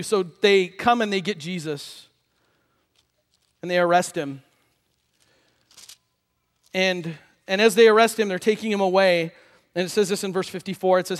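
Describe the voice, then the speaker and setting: A pastor preaches a sermon, telling the story in a lively way and acting out the voices of its characters. His voice is high, and the recording has a big-room sound.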